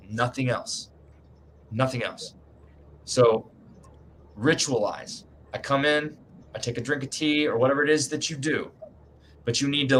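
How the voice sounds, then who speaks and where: A man's voice: medium pitch, a bit bright, a little hiss or hum. A man giving writing advice in a casual group video chat, emphatic and folksy, often tagging lines with "man", speaking from his home writing room.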